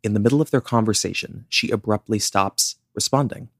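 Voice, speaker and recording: A young man co-hosting a podcast casually recounts a true-crime story, chatty and leaning heavily on "like" as a filler. His voice is fairly low and fairly quick, with clean studio sound and no room echo.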